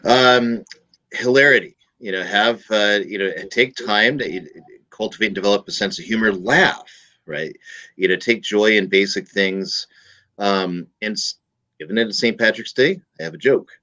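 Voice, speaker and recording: A man's voice: on the low side, moderate pace, bright, forceful tone, muffled recording. A man co-hosting a casual talk show, rambling with many fillers as he tells a joke. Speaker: co-host. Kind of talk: casual chat, telling a joke.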